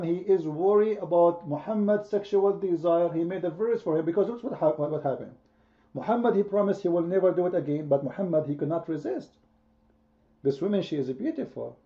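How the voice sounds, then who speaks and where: A man's voice: a little high, muffled recording. A man hosting a heated online debate, speaking emphatically, repeating his points and quizzing his listeners. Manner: emphatic, repetitive, quizzing the audience. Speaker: debate host.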